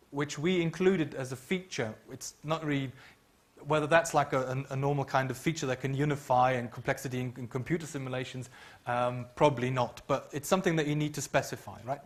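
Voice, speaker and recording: A middle-aged man giving a university lecture into a microphone, explaining with frequent ums and humming tunes. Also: medium pitch. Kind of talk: academic lecture.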